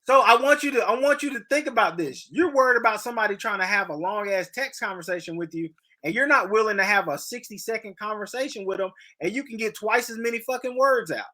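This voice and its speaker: A man's voice: high-pitched, quick pace, hardly any pauses, sharp tone. A man who is a guest on a casual podcast chat, making his points in an emphatic, lecturing, profane way.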